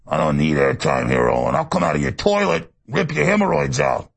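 A man's voice: medium pitch, big pitch swings, brisk, heavily acted. A man playing a menacing male killer clown with a Brooklyn accent, in a taunting, ranting comedy sketch. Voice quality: gravelly, husky. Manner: taunting, shouting rants, cackling.

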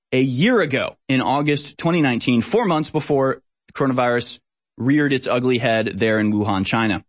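Male commentary host, mid-pitched, sarcastic and emphatic delivery. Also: dry recording. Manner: sarcastic, emphatic, mocking laughs. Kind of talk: political commentary show.

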